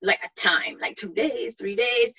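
A woman's voice: a little high, measured pace, gravelly, sharp tone, slightly rough, highs cut off. A woman mentor giving practical, matter-of-fact advice on a video call. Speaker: mentor coach.

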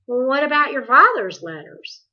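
A woman doing a soft-spoken teenage boy. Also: high voice, very animated, moderate pace, voice pushed up. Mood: gentle. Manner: soft and gentle. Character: gentle teenage boy, calm and kind. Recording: dull lo-fi recording.

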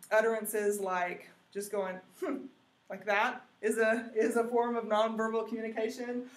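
A woman teacher talks through a lesson at an ordinary mid pitch, explaining patiently and filling pauses with ums and uhs. Her voice sounds roomy and hollow. The mic sits some way off. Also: recorded from a distance. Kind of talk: recorded classroom lecture.

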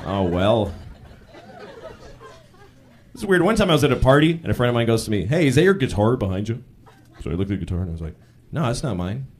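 A man doing a stand-up set on a club stage, telling stories and breaking into loud yells for punchlines, with the audience laughing behind him. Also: medium pitch, slight background noise. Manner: animated storytelling, bursts into loud yells for punchlines. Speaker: stand-up comedian.

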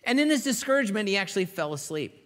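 A male pastor preaching a sermon with animated storytelling, acting out the quotes. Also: high-pitched, rapid-fire. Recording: long hall reverb.

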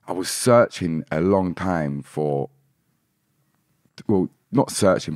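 A man's voice: deep voice, darkish tone, dry recording, studio quality. A young British man, a dancehall artist and podcast guest, telling his story candidly with many restarts and repeated words. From Britain. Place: podcast studio.

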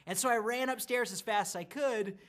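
A pastor in his thirties speaks to church small groups in a recorded video message. He tells stories about his kids with a lively storyteller's manner before turning to scripture. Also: very high-pitched, fairly quick. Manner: warm storytelling, animated about his family.

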